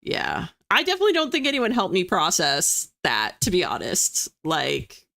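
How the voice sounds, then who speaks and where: A woman's voice: lowish voice, huge pitch swings, moderate pace, gravelly, a bit bright. A young woman from the US East Coast, hosting a livestream and chatting casually with viewers in a self-deprecating way. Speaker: livestream host. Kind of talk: casual chat reading viewer comments.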